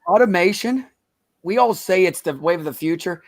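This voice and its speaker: Fast-talking energetic man on a call. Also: high voice, slight background noise. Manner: energetic, emphatic, excitable. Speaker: recruiting show host. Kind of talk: casual chat.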